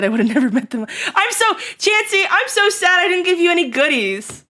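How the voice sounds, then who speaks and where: A bright, high-pitched young woman chats with her stream audience. She laughs often and slips into playful mock-angry rants with a sharp, ringing tone, swearing freely. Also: animated, rapid-fire, few pauses. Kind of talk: casual live-stream chat with viewers.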